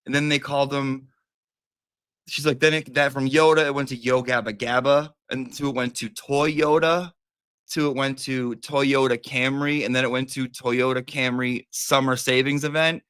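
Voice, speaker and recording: Man, host, casual chat, rambling, playful, mid-pitched voice. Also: fairly even intonation, normal speed, fairly bright tone, smooth. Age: adult with a daughter. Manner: rambling and playful, calls a cat in a sing-song voice.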